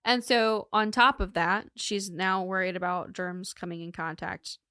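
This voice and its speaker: A woman's voice: medium pitch, steady tone, a little slow, sharp tone, smooth, dry recording, studio quality. A woman co-hosting a podcast, telling a true crime case in a casual, joking way and laughing often.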